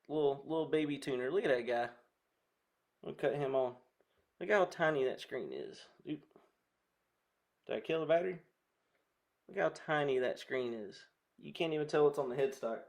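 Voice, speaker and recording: A man's voice: a little high, lively intonation, moderate pace, vocal fry, long pauses, darkish tone. A man with a Southern American accent chatting in a rambling way to viewers while he restrings a guitar. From southern United States. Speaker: guitar vlogger.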